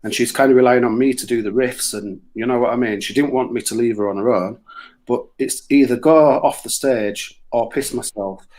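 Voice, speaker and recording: A man's voice: medium pitch, fairly quick. A middle-aged man with a Yorkshire accent, telling crude, sweary stories in a casual chat on a radio show. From Yorkshire, England. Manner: crude, swearing, animated anecdotes with put-on voices.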